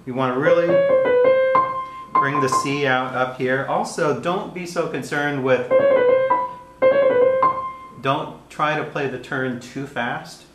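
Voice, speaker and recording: Male piano teacher, calm and explanatory, mid-range voice, echoey room, loud piano under him. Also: medium pitch. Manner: calm, explanatory, pauses between played passages. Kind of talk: piano lesson with demonstration. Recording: roomy sound with piano playing.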